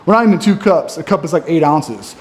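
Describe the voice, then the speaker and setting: A man's voice: fairly high pitch, lively intonation, brisk. A man in his thirties venting in a ranting, self-critical monologue for his fitness vlog, wired on coffee. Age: 30s. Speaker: fitness vlogger. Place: gym.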